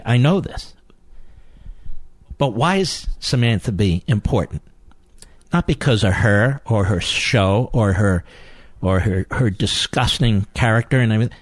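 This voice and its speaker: A man's voice: mid-range voice, slightly rough, no room sound. A man hosting a political talk radio show, emphatic and indignant, firing rhetorical questions.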